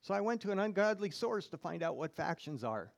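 A man's voice: high voice, big pitch swings, brisk, vocal fry. A male pastor preaching a sermon in church, reading scripture aloud and putting questions to the congregation.

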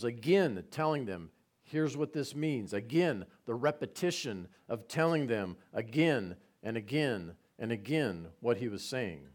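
A man preaching a conversational sermon, retelling scenes with repetition and side remarks. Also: medium pitch. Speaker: pastor.

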